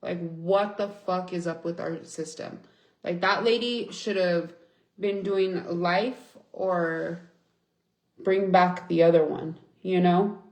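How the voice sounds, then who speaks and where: A woman's voice: fairly low pitch, fairly even intonation, slow, darkish tone, echoey room. A young woman venting angrily and swearing in a casual livestream chat, reading and answering viewers. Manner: angry, venting, swears often. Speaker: livestream host.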